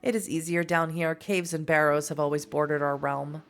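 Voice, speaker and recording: A woman's voice: sits low, steady tone, moderate pace, slight background noise. A woman voicing an ancient, disdainful fairy woman who speaks in a formal, haughty way. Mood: lofty.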